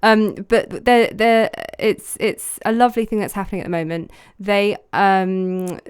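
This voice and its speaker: A woman who is a broadcast journalist, chatting on a media podcast with warm, hesitant fillers. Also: medium pitch, steady tone, measured pace, smooth. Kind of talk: casual media discussion.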